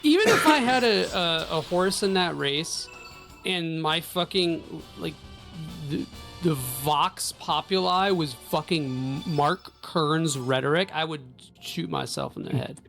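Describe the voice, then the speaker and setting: A man co-hosting a gaming podcast, telling stories in an animated, swearing, laughing way. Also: a little high, a little slow, gravelly, faint music behind. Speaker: podcast co-host. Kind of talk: casual profane storytelling.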